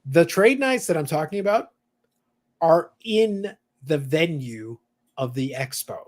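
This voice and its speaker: A man's voice: on the high side, lively intonation, measured pace. A man hosting a hobby podcast in casual chat, reading viewer comments aloud between thoughts. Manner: chatty, reads viewer comments aloud, many fillers. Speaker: podcast host.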